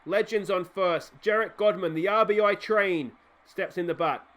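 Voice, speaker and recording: An Australian man giving excited play-by-play commentary as he plays a baseball game, getting loud on big hits. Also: sits high, moderate pace. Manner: fan-style play-by-play, shouting on big hits. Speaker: let's play host.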